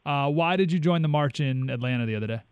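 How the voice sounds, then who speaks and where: Fast-paced male host asking questions, dry close sound. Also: on the high side, smooth, no echo, phone-quality sound. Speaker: interviewer host. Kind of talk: interview questions.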